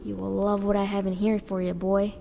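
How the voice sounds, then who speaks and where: A woman's voice: mid-range voice, monotone, brisk, vocal fry, dark tone, a little hiss or hum, lightly acted. A woman doing a cruel taunting man. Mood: menacing. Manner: taunting, menacing. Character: cruel grinning man, menacing tormentor. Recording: reverberant with background music.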